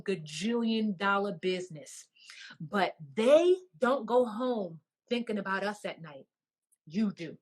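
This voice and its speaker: An emotional, effusive woman hosts a live online chat. She gushes, repeats herself and pours feeling into each line. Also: mid-range voice. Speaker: host of a live business show.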